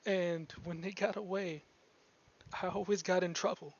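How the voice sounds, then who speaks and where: A man's voice: high voice, fairly even intonation, highs cut off, voice pushed up. A man voicing a young woman who cries and stammers as she tells what she wants from life. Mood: tearful. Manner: halting, stammering through tears. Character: weeping young woman, a killer's daughter.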